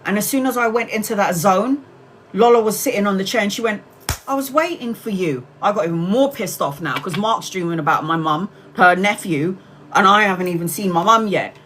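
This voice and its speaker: A middle-aged woman hosting a tarot livestream tells her viewers a story in a candid, chatty way, swearing casually. Her medium-pitched, fairly bright voice moves a little fast over a rough recording with a little hiss or hum.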